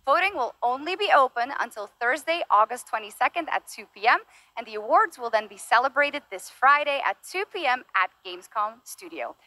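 A woman presents a live showcase in an upbeat, announcer-like read. Her voice is high and bright. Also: sing-song, brisk, no echo, rough recording. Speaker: show co-host. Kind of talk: scripted live-show presenting.

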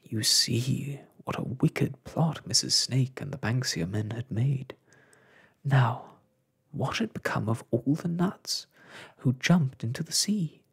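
A man reading a children's storybook in a soft-spoken ASMR style, slow and hushed. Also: medium pitch, lively intonation, creaky, husky.

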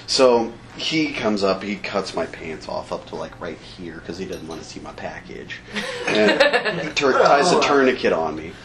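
A man telling a comic war story to a live convention audience, laughing and acting out shouts and sound effects. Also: low-pitched, very animated, a little slow, a crowd in the background, rough recording. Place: convention stage.

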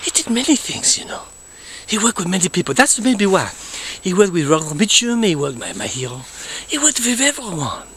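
A man's voice: high-pitched, big pitch swings, brisk, fairly bright tone, slight background noise, pitched above the performer's own voice. A man playing a pompous, boastful French count with a put-on French accent, rambling theatrically and sometimes dropping to a whisper. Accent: fake French. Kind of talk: comedic character monologue.

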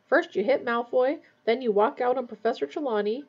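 A woman voicing a blunt, excitable schoolboy who exclaims his lines. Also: a little high, brisk, breathy edge, dull audio. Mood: astounded.

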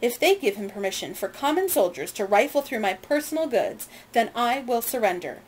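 A woman reading aloud, voicing a proud wealthy loyalist lady who speaks crisply and with indignation. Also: mid-range voice, expressive, a little fast, lightly acted. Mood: imperious.

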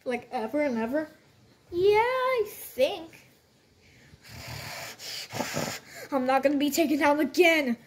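A high-pitched woman voicing a whole cast of toys in playful role-play. She talks in a slow, unhurried rhythm, full of excitable outbursts and shooting noises. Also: a little hiss or hum. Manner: bouncy, excitable, frequent sound effects. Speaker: toy video creator voicing every character.

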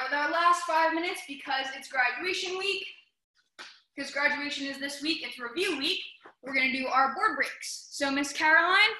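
A woman martial arts instructor coaching a class through drills. She calls out short commands and shouts sharp yells in her demonstrations. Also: high-pitched. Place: indoor training hall. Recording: roomy echoey hall.

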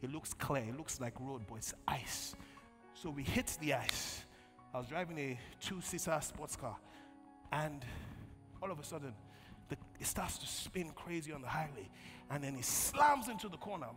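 A man preaching a sermon as pastor, calling on the congregation to answer and swinging from loud bursts to quiet storytelling. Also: fairly high pitch, expressive, normal speed. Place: large church hall. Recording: long church hall reverb, faint music.

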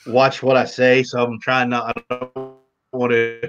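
A man's voice: medium pitch, monotone, a little slow, lo-fi sound, over music. A man hosting a casual livestream chat, reading out viewer comments and laughing easily. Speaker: livestream host.

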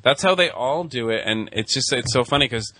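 A man's voice: medium pitch, expressive, a little fast, sharp tone. A man co-hosting a casual chat, blunt and rambling, brushing details aside. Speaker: podcast co-host.

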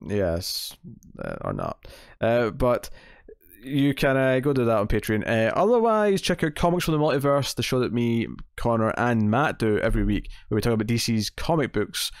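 A man's voice: medium pitch, sing-song, normal speed, no echo, studio quality. A man hosting a casual comics TV podcast, rambling and correcting himself, often laughing. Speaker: podcast host.

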